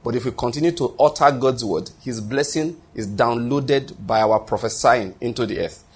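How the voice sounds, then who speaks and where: A pastor preaches a sermon in a slightly husky, mid-range voice at normal speed. He is emphatic and repetitive, stressing key phrases by repeating them, breaking off and restarting sentences, and checking in with listeners through frequent rhetorical questions.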